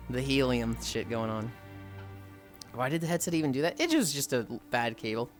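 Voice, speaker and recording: A man's voice: fairly high pitch, fairly bright tone. A man livestreaming who reads and answers chat in a casual, profane way and tells stories with voiced impressions.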